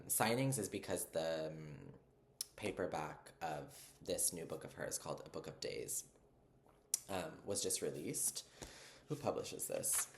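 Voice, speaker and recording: A young man telling a story in a casual, excited, rambling way, full of fillers. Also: deep voice, slight background noise. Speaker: vlogger.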